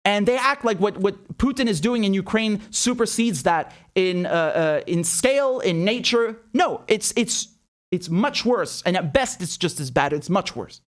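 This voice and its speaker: A man's voice: high voice, lively intonation, a little slow. A man giving heated, profane political commentary, emphatic and mocking, repeating words as he presses his points. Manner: rhetorical and mocking.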